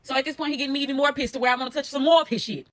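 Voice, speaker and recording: Rapid, bright-voiced woman telling a story. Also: high-pitched. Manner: blunt, profane, animated storytelling. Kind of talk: casual storytime monologue.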